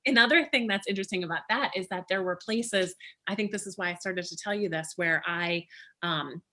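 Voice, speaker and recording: A woman's voice: on the low side, a little fast, pushed and bright. A woman author chatting casually as a guest, rambling with lots of fillers and restarts. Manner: rambling, many "you know" and "like" fillers, restarts. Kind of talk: casual chat.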